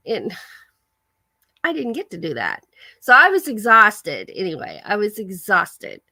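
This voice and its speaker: Woman, livestream host, casual chatty storytelling, bright voice, dry close sound. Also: medium pitch, wildly swooping pitch, unhurried, no echo. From American. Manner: chatty, storytelling, reads viewer comments aloud. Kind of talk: casual live-stream chat.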